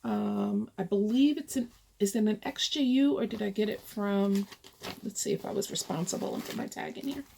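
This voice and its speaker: A woman's voice: medium pitch, moderate pace, vocal fry, darkish tone, slight background noise. A woman chatting casually as she shows her cross-stitch projects, thinking aloud and rambling as she goes. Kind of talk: casual show-and-tell.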